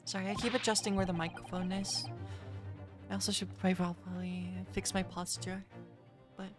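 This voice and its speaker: A woman's voice: medium pitch, level tone, moderate pace. Casual woman livestreamer, self-deprecating, lots of fillers; faint game music underneath. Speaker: streamer. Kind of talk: casual live-stream commentary while reading game dialogue.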